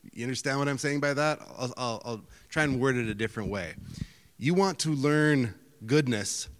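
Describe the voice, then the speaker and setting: A middle-aged man preaching a sermon in a conversational, self-deprecating storytelling manner, with lively outbursts. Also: mid-range voice. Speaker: pastor. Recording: hall reverb.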